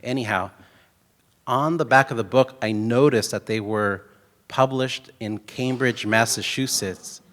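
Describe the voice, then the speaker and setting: A man's voice: mid-range voice, measured pace, a bit bright, big-room sound. A middle-aged man giving a conference keynote talk, a joking, rambling storyteller. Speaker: keynote speaker.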